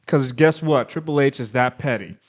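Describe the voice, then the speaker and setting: A man's voice: mid-range voice, normal speed. A man co-hosting a casual wrestling chat, sounding wry and cynical. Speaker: podcast co-host.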